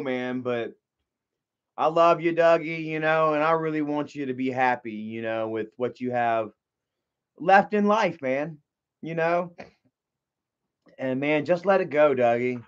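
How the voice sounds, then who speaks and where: A man's voice: fairly high pitch, fairly bright tone, clear, resonant tone, muffled recording. A man livestreaming in casual chat, rambling and profane, with lots of filler words.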